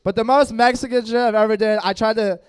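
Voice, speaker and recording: Speaking fast with a steady tone, the young stand-up, lisp audible, riffs on the crowd at a dinner show in a loose, self-mocking way and chuckles at his own material. His stage-mic voice is high for a man, smooth and clear.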